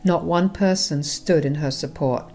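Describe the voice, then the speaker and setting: Woman, narrator, conversational, speaks to listeners, slightly low pitch. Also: unhurried, dark tone, soft background music. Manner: conversational, addresses listeners directly. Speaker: storyteller. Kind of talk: first-person story narration.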